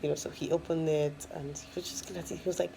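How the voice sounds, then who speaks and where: Woman, low voice, warm dark tone, chatty first-time mom, casual storytelling, frequent laughs. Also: steady tone, fast, vocal fry, slight background noise, rough recording. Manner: chatty, many fillers, laughs often.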